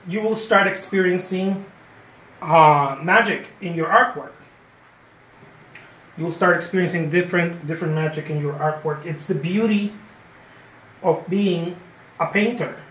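Guy with a highish voice chatting thru a painting demo, keeps saying okay, echoey studio. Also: a bit bright. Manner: chatty, encouraging, repeats phrases, says "okay?" often. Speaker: painter giving a live demo. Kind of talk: live painting lesson. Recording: roomy echo.

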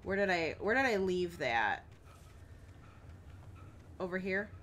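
A woman's voice: fairly low pitch, very animated, slow, a bit bright, a little hiss or hum. A young woman streaming a horror game, chatting with viewers and yelping at the scares. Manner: jumpy, chatty, talks to viewers and yelps at scares. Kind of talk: live gameplay commentary.

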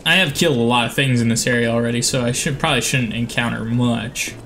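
A man giving gameplay commentary, excitable, yelping and swearing at the game. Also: medium pitch, fast, slight background noise. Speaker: gaming channel host.

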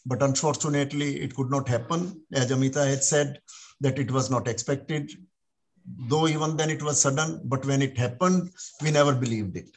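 Solemn man giving tribute. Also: medium pitch. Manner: solemn, measured. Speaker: meeting speaker paying tribute. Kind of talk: memorial tribute speech.

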